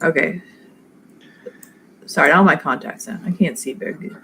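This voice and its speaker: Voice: mid-range voice, moderate pace, creaky, bright, forceful tone, breathy edge. A chatty, giggly player in a tabletop game who asks questions and plans moves. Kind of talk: casual tabletop play.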